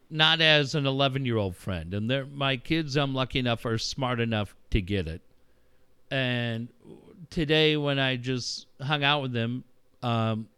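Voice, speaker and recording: Candid, bright-voiced middle-aged man. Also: medium pitch, clean tone, dry recording. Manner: candid, profane, reflective storytelling. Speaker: podcast host. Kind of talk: casual conversation.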